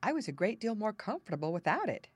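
Fretful storybook princess done by a lady reader, high petulant voice, dry sound. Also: sing-song, fast, husky, dry recording. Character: young princess, fretful and fanciful. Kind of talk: audiobook character reading.

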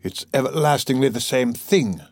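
A man's voice: mid-range voice, expressive, normal speed, dry recording. A man playing a brooding, irritable young man. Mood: tense. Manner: agitated, peevish, probing.

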